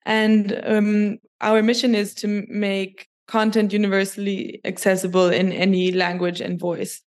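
A woman, a podcast guest, explaining things in a measured way with many small restarts. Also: medium pitch, flat delivery, a little mellow. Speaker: guest, company chief of staff. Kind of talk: podcast interview.

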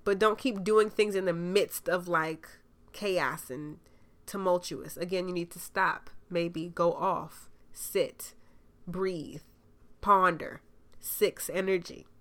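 A woman's voice: on the low side, steady tone, slow pace, fairly bright tone. A young adult woman hosting a podcast, giving a loose, conversational spiritual reading full of fillers and playful dramatic asides. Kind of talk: casual spiritual advice monologue.

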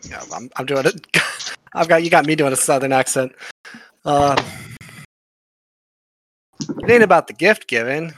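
A man's voice: a little high, a little slow, long pauses, fairly bright tone, a little hiss or hum, low-quality recording. A man playing a tabletop game in character, sounding easygoing. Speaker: player. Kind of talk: in-character tabletop role-play.

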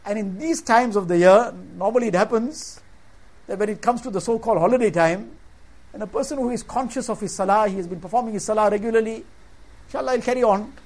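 Earnest male preacher, measured delivery. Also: high voice, darkish tone. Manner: earnest, measured storytelling with Arabic religious terms. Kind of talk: sermon.

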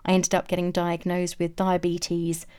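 A woman's voice: on the low side, completely flat delivery, normal speed, mellow, clear, resonant tone. A woman frankly telling a personal story in a reflective, matter-of-fact way. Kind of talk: candid first-person storytelling.

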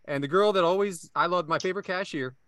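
A man's voice: high-pitched, quick pace, a bit bright, no room sound, studio quality. A man hosting a casual podcast, telling a rambling story full of self-asides. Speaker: podcast host.

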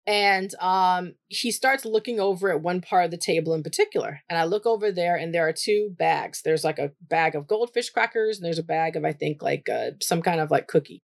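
A woman therapist telling a story from her work in a casual, animated way, leaping up in pitch when she quotes herself. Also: moderate pace. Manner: chatty, animated, jumps high when quoting herself. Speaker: therapist for autistic children.

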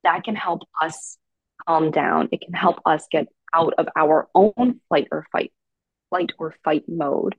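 Woman, parenting coach, low voice, dry close podcast recording, patient and explanatory. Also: unhurried, slightly rough, no echo, dull audio. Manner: calm, explanatory, uses many fillers. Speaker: parenting educator guest. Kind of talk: casual advice chat.

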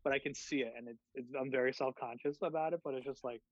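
A man hosting a laid-back podcast over a video call, laughing often and swearing casually. His voice sits at an ordinary pitch, and the sound comes through dull and lo-fi, close and dry. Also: fairly even intonation, quick pace, dry recording. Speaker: podcast host. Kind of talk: casual chat.

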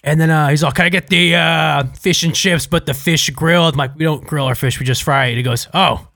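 A man's voice: fairly high pitch, steady tone, brisk, creaky, pushed and bright, no room sound, studio quality. A young man co-hosting a casual podcast, telling a profane work story and acting out the people in it. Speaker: podcast co-host.

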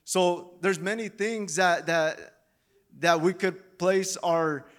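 A man's voice: high voice, steady tone, slow pace, a bit bright. A man preaching a sermon, talking with many repeated restarts and growing emotional and pleading. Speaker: lay preacher.

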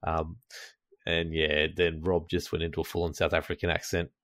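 A man co-hosting a casual gaming podcast, chatty, laughing often and filling pauses with ums. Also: extremely low pitch, flat delivery, a bit bright, no echo, clean studio sound. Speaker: podcast co-host.

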